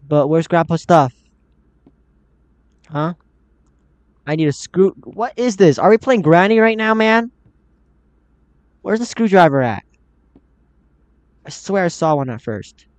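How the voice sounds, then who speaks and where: A man's voice: a little high, lively intonation, measured pace, long pauses, no room sound. Jumpy man with a cracking voice. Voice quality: voice cracks upward often. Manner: jumpy, talks to himself and the game characters. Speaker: gaming channel host. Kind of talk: casual horror gameplay commentary. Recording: slightly dull lo-fi mic.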